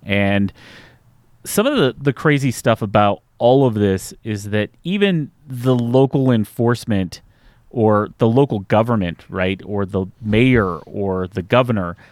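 A man's voice: lowish voice, a little slow, a little mellow, no echo. A man hosting a political podcast, earnest and urgent as he builds his case. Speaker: podcast host.

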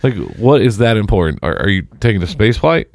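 Very deep-voiced joking man, chatting. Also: expressive, brisk, darkish tone, no echo, studio quality. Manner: rambling, joking, profane. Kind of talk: casual chat.

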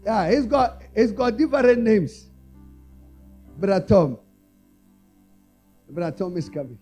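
A man preaching a sermon to a congregation in call-and-response style. He drops to quiet, low asides and then rises to loud exhortation. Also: sing-song, slow pace, soft background music, rough recording. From South Africa. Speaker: apostle preaching.

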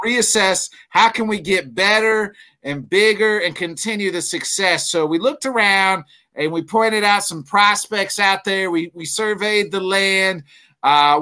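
A man's voice: high voice, bright, forceful tone. A man co-hosting a casual sports show, brash and teasing, trash-talking his co-host.

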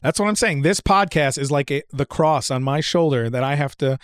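A man's voice: a little high, clear, resonant tone, dry recording, studio quality. A man co-hosting a podcast, riffing and joking in casual chat. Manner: jokey, riffing, quick to laugh. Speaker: podcast co-host.

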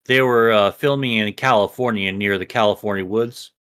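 A man's voice: fairly low pitch, moderate pace, a bit bright, clear, resonant tone. Guy podcasting, kinda stoned, rambles n swears, restarts his sentences. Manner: rambling, profane, restarts a lot. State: a bit high. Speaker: podcast co-host. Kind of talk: casual chat.

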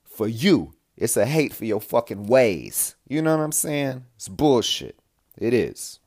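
A man's voice: medium pitch, sing-song, unhurried, a little mellow. A man hosting a podcast, giving a blunt, profane, rambling monologue. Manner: profane, blunt, repeats himself. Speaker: podcast host.

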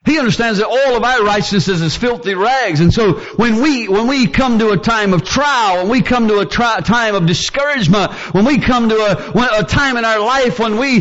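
A man preaching a sermon, fervent and building to near-shouts as he quotes scripture. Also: high-pitched, normal speed, few pauses, lo-fi sound.

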